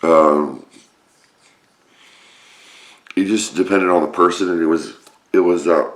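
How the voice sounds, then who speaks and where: A man's voice: low voice, steady tone. A man with a Roanoke, Virginia accent, talking in a casual, rambling monologue that often halts and restarts. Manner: rambling, halting, many restarts. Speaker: vlogger. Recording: roomy echoey room.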